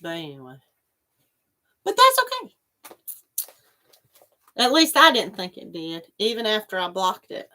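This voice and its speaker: A woman hosts a relaxed livestream and chats with viewers as she goes. She rambles easily from one thought to the next and stops to answer comments as they come in. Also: lowish voice, a little fast, few pauses. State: coughing after choking on water. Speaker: livestream host. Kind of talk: casual chat with live viewers.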